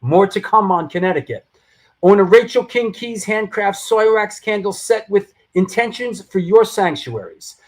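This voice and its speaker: High-voiced rambling male host. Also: expressive, normal speed. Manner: rambling, stumbling, jokey. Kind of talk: live show announcements.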